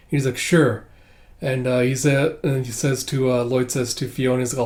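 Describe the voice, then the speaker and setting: A man casually reading through a manga chapter, narrating and acting out lines, laughing often and breaking into high squealing voices for characters. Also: flat delivery, moderate pace, darkish tone. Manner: reads dialogue aloud, jumps into high squealing voices for characters; chatty, laughs often, fills with "it's like". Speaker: manga reader and commentator.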